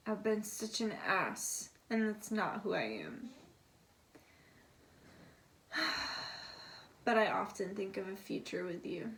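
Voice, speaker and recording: A young woman giving a casual tarot reading, relaying messages in a chatty, confiding way and swearing now and then. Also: mid-range voice. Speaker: tarot reader.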